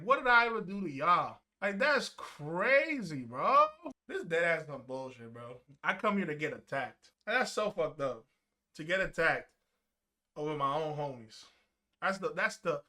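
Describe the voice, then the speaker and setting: A man streaming live, chatting with his viewers and telling a story in a loud, animated, profane way that swings into yelling. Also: on the high side, moderate pace. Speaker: streamer reacting to chat.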